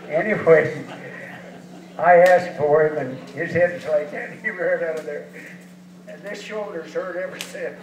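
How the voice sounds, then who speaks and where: A man's voice: fairly high pitch, very noisy. A man in his eighties from eastern Washington, telling folksy, chuckling rodeo stories in an onstage interview. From eastern Washington, USA. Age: 80s. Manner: folksy, chuckling, rambling anecdotes. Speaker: rodeo hall of fame inductee, interviewee. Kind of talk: storytelling on stage interview. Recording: distant, echoey and dull hall sound.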